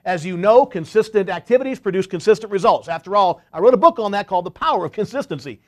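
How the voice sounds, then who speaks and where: A man's voice: sits high, animated, fast talker, few pauses. A man giving a motivational sales training talk to service contractors, telling stories emphatically and often checking in with "right?". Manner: emphatic storyteller, tags points with "right?".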